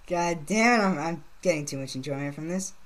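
A woman giving casual gameplay commentary, laid-back, laughing often and swearing casually. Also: fairly low pitch. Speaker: gaming channel host.

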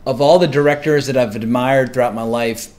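A man's voice: medium pitch, steady tone, a little fast, a little mellow. Enthusiastic man hosting a film chat. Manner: enthusiastic, filler-heavy. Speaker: host. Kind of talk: casual film discussion.

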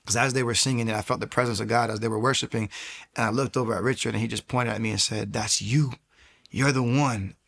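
Man with a gravelly, mid-pitched voice telling his testimony; earnest storyteller who restarts often and voices the others in his story. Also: steady tone, fairly bright tone. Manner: earnest, quick, with lots of "like" fillers and restarts; acts out the people in his story. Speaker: guest sharing a faith testimony.

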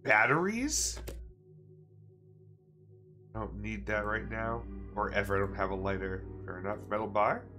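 A man's voice: lowish voice, animated, a little slow, long pauses, sharp tone, faint music behind. A man streaming a video game, chatting casually and reading in-game text aloud with playful mock drama.

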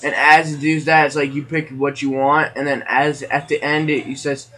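A man's voice: on the high side, flat delivery, normal speed, a bit bright, low-quality recording. Rambling, joking gameplay commentator guy. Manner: rambling, joking, laughs often.

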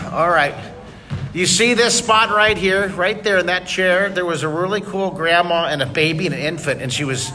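High, bright-voiced enthusiastic man teaching art. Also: normal speed. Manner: enthusiastic, cheering on children. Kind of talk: live drawing lesson with kids. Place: museum room with children. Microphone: leaning close to camera. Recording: echoey hall, noisy room.

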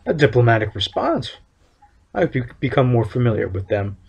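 A man voicing a stern male town overseer in a fantasy game, reading his lines in a formal, measured way. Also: medium pitch, big pitch swings, gravelly, breathy edge, heavily acted.

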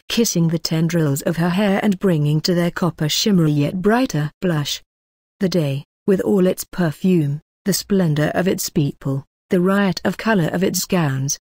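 Woman audiobook narrator, measured and lyrical, lowish voice, dry close recording. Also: a little mellow, no room sound.

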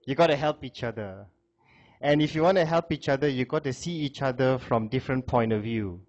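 A man's voice: mid-range voice, brisk, darkish tone, highs cut off. A male lecturer telling a moral story to a class in a conversational way, with many fillers and repeated phrases.

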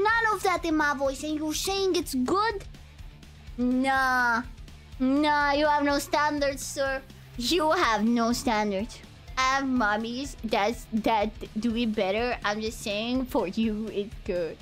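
A young woman live streaming, chatting casually and profanely with her viewers, joking and swinging between squeals and low mutters. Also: slow, faint music behind.

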